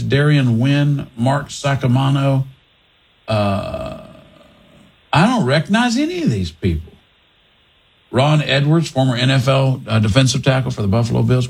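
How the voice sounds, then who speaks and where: Lively, husky-voiced male radio host. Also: mid-range voice. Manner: lively, chatty, self-correcting with frequent restarts. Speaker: radio talk show host. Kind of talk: casual talk radio chat.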